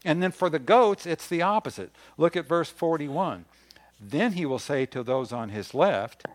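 A man's voice: on the high side, animated, moderate pace. Man preaching a sermon. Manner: reads scripture aloud, rising in emphasis on key points. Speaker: pastor.

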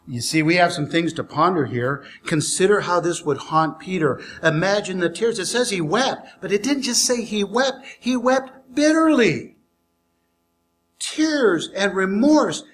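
A man preaching a sermon, retelling a scripture story with acted-out lines and sudden hushed whispers. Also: sits high, expressive, a little slow. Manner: dramatic storytelling, acting out scenes, dropping to whispers for emphasis. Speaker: pastor.

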